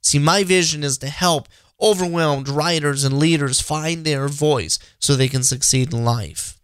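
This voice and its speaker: A man's voice: fairly high pitch, a little slow, no room sound. A man with a slightly raised voice gives an earnest, encouraging faith talk for his podcast, stumbling and restarting often as he repeats his key points. The sound is dry and close, with no room around it. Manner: earnest, repetitive, frequent restarts. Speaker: podcast host.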